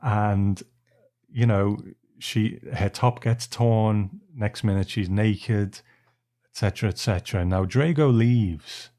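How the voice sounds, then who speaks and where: A man's voice: on the low side, slow pace, dark tone. An English man co-hosting a film podcast, talking in an easygoing storytelling way with chuckles. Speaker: podcast co-host. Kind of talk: casual podcast chat.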